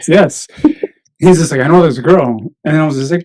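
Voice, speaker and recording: A man's voice: a little high, brisk, darkish tone, slight background noise, poor audio. A man chatting casually on a podcast, animatedly telling stories and mimicking voices.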